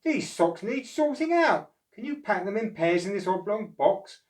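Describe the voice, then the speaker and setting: A man's voice: sits high, big pitch swings, normal speed, recorded from a distance, voice pushed up. A man voicing a kindly grown-up dock boss in a children's story, speaking in an encouraging, instructive way.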